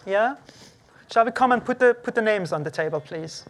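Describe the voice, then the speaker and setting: An earnest, gently pleading preacher giving a church sermon and leading a closing prayer. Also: medium pitch, animated, moderate pace, slight background noise. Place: church service.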